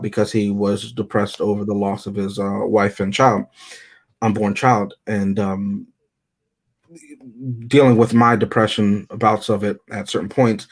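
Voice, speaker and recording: A man co-hosting a casual film review chat, talking in a reflective, rambling way. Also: on the low side. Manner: reflective, rambling, reads quotes aloud.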